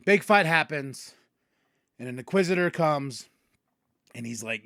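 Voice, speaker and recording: Podcast host, male, excitable storyteller, fairly high voice, dry close sound. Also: a little slow, gravelly, no room sound. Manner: excitable, acts out characters' lines mid-story. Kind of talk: casual episode recap.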